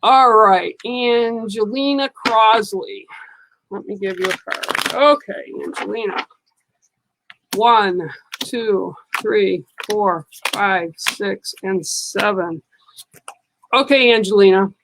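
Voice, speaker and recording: A woman gives a psychic card reading on a live stream. She talks slowly and gently, reassuring the viewer and checking in with "okay" again and again. Her voice sits at a middle pitch. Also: background noise. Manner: slow, soothing, reassuring, repeats "okay".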